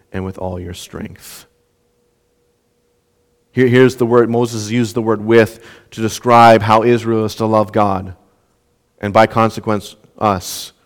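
Earnest young male preacher, smooth voice. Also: medium pitch. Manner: earnest, repeats words when restarting. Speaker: pastor. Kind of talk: sermon.

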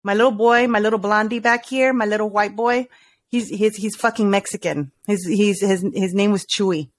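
A woman's voice: mid-range voice, fairly even intonation, moderate pace, dry recording. A woman co-hosting a podcast in casual chat, swearing freely and laughing often. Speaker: podcast co-host.

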